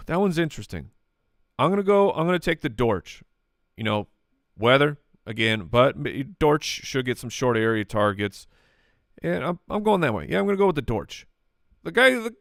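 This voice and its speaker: Casting: man, podcast host, smooth clear voice, dry close mic, quick joking delivery. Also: mid-range voice, no echo. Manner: rapid-fire, joking, lots of restarts and fillers. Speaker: podcast host answering listener questions. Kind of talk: live podcast chat.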